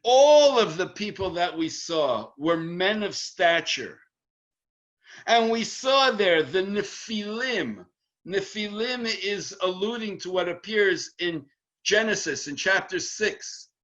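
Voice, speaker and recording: Animated rabbi with a lively high voice. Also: male voice, slow pace. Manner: animated, emphatic, acts out quotes with rising pitch. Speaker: rabbi teaching the weekly Torah portion. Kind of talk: online Torah lesson. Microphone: video call. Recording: dull lo-fi online audio.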